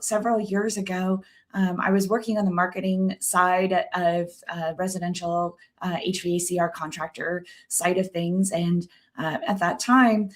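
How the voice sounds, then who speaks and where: A middle-aged woman, hoarse and raspy from a cold, explaining her work as a guest consultant in a webinar conversation with many ums. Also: on the low side.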